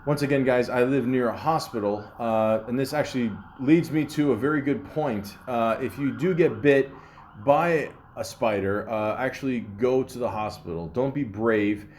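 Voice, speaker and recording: This man's medium-pitched, darkish voice comes at normal speed with a little hiss or hum in the audio. Hosting his podcast, he rambles casually, curses freely, uses lots of fillers, and riffs on facts after reading them out.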